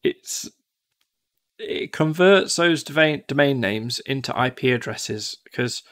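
A man's voice: medium pitch, animated, takes it slowly, a bit bright. A man from the UK teaching one-to-one in a casual, chatty way, often acting out devices in silly voices. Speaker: tutor.

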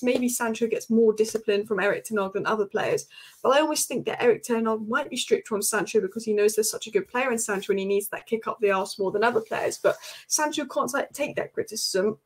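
A woman hosts her own football channel in a casual, emphatic vlog style. Her voice sits a little high, and she keeps driving her points home by repeating them. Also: fast talker, slightly rough.

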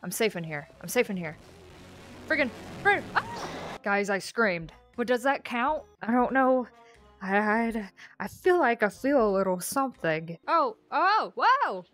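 A young woman playing horror games on her channel, gasping and reacting out loud as she goes. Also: medium pitch, normal speed, faint music behind. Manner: excitable, yelps and gasps. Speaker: gaming YouTuber.

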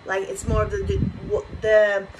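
A woman's voice: medium pitch, completely flat delivery, normal speed, background noise. A woman hosting a casual commentary vlog, rambling with many fillers and restarts. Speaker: commentary channel host.

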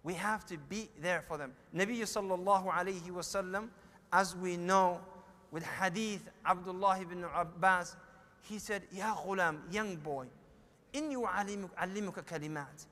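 A man's voice: sits high, unhurried, pushed and bright. A middle-aged man with a Somali accent giving a sermon, telling a family story and acting out the dialogue. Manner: storytelling, acts out quoted dialogue. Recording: echoey hall.

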